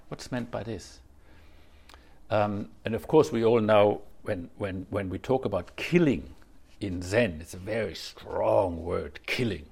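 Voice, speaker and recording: Gravelly, husky Zen teacher, man. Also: on the low side, unhurried, darkish tone. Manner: thoughtful, circling, repeats phrases and fills with "you know". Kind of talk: dharma talk on a koan.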